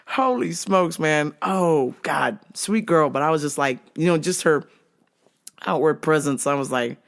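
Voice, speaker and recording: A host in her thirties, with a low-pitched, somewhat slow, creaky voice, tells a comedic story. She's animated and profane, laughing often throughout.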